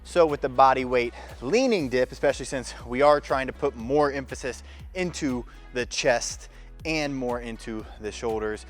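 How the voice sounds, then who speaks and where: Male fitness coach, mid-pitched, talks through exercises mid-set in a gym, faint music underneath. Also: moderate pace. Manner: talks while demonstrating exercises, coaching cues. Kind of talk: casual workout instruction.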